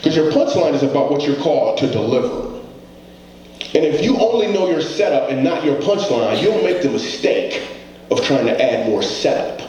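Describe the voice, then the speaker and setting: A man's voice: mid-range voice, sing-song, moderate pace, a little mellow. Man, comedian speaking to a live audience from stage, earnest storytelling, heavy hall echo with faint hiss. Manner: earnest, conversational, rhetorical questions to the audience. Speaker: comedian giving a talk. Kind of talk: motivational stage talk with storytelling. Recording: very echoey hall, faint background noise.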